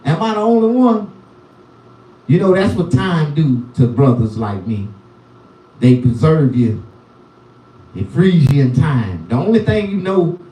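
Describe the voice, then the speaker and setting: A man riffing loose, profane stand-up, his voice mellow and soft-edged yet jumping around a lot in pitch. He sounds set back from the mic in a roomy, echoing space. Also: distant mic. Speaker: comedian. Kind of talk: rambling stand-up on a live stream.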